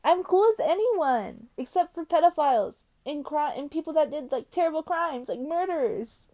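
A woman from the United States hosting her own podcast in a casual solo chat, rambling and excitable as she jumps between topics with many fillers. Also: high voice, moderate pace. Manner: swings between loud exclamations and quiet mumbling. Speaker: podcast host.

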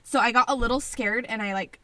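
A woman in her thirties co-hosting a casual chat, an animated storyteller with lots of "like.". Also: fairly high pitch, a little fast, no echo. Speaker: podcast co-host.

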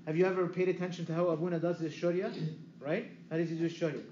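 A priest delivers a teaching sermon in a high, bright voice. He keeps the talk lively and puts questions to the listeners before answering them himself. The recording is dull and roomy, with a faint hiss behind it. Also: brisk. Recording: echoey room, dull lo-fi sound, faint hiss.

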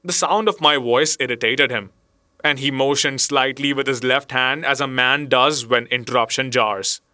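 A man reading a story aloud as narrator, in a measured storytelling manner. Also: medium pitch, pushed and bright, no echo, clean studio sound. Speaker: audiobook narrator. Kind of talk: scripted narration.

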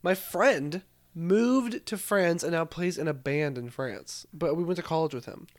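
A young man in loose podcast chat, talking in an animated, jokey way and cursing now and then. His voice sits a little on the high side for a man. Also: unhurried. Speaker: podcast co-host. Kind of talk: casual chat.

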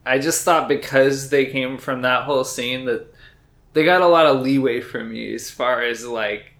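A man co-hosting a podcast, chatting casually and rambling with lots of "like" and animated asides. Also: mid-range voice, normal speed. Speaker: podcast co-host. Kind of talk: casual chat.

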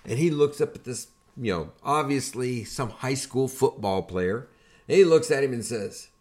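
Older guy telling army stories on his podcast, animated, builds to punchlines. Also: mid-range voice, normal speed. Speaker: podcast host and army veteran. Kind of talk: casual storytelling.

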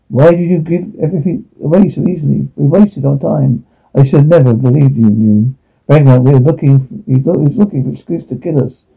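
A man reading a drama's dialogue and sound captions aloud, halting and restarting often. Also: fairly high pitch, gravelly, husky. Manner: halting, with frequent restarts and stumbles. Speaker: reader voicing all parts of a TV drama with captions. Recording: tinny phone-like recording.

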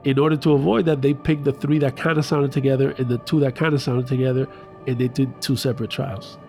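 A man's voice: medium pitch, flat delivery, fast talker, gravelly, darkish tone, faint music behind. A man retelling a story in casual chat, loose and profane, acting out the voices.

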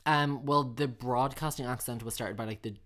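A woman co-hosting a podcast in casual chat, animated, swearing freely and talking in quick bursts. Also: a bass voice. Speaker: podcast co-host.

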